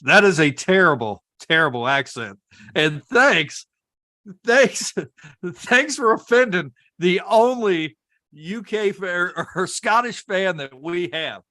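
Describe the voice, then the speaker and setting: A man's voice: high voice, expressive, slow pace, sharp tone, dry recording, studio quality. An American man co-hosting a racing podcast, reading viewer comments aloud and laughing easily. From United States. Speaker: podcast co-host reading chat. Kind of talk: casual chat.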